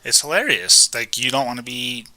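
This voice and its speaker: A man's voice: mid-range voice, normal speed, bright, forceful tone, rough recording. A man co-hosting a casual sports podcast, making dry brief remarks and running through news items. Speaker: podcast co-host.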